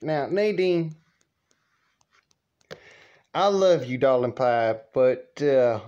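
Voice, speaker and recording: A man's voice: mid-range voice, lively intonation, very slow, warm tone, highs cut off. A man doing a folksy chiding God. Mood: gently chiding. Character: God, male, gently scolding fatherly elder.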